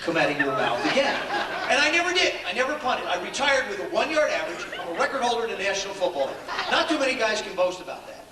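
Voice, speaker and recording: A man's voice: extremely high pitch, big pitch swings, fast, a crowd in the background. An older man giving a humorous motivational speech to an audience, telling stories animatedly, acting out dialogue and chuckling often, recorded in a large echoey hall. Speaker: keynote speaker. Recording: echoey hall, distant mic, faint ambience.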